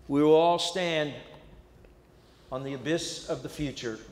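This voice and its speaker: A man delivers a reflective sermon at an unhurried, deliberate pace, his voice sitting a little high for a man. The sound carries the long reverb of a large sanctuary. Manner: slow, measured, reflective storytelling. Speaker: clergy leader.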